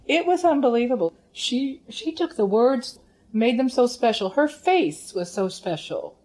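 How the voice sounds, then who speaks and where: An older woman, a former opera singer, telling animated stories about her teacher in an interview. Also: on the high side, a little slow. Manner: animated storyteller with vivid quoted impressions. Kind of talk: reminiscing interview.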